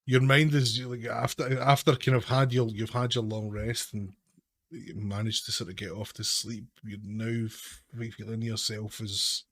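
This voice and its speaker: A man's voice: on the low side, flat delivery, unhurried, a bit bright, dry recording. A man narrating a tabletop game as game master, in a rambling, hesitant way full of restarts.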